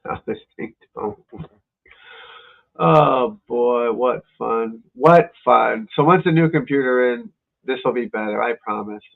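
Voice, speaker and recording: A man with a gravelly, creaky voice grumbles and swears as he chats casually with his viewers. The audio sounds thin and phone-like, as on a lo-fi livestream. He keeps up a running exasperated mutter. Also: medium pitch, a little slow. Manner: exasperated muttering and cursing to himself. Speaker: golf instructor and show host. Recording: tinny phone-like lo-fi stream audio.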